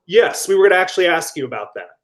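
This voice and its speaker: A man's voice: high-pitched, sing-song, rapid-fire. A man hosting a casual interview, eager as he asks his questions. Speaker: host.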